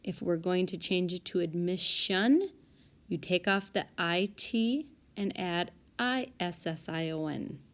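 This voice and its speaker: Slow, low-voiced woman teacher. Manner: calm, methodical, corrects herself aloud. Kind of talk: recorded spelling lesson walkthrough. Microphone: tablet microphone.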